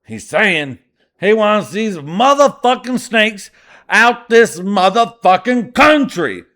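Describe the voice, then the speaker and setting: A man doing a loud, swearing action hero. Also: sits high, lively intonation, voice pushed up, full character voice. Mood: furious. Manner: shouting, drawn-out emphasis. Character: loud swaggering action-movie hero, profane.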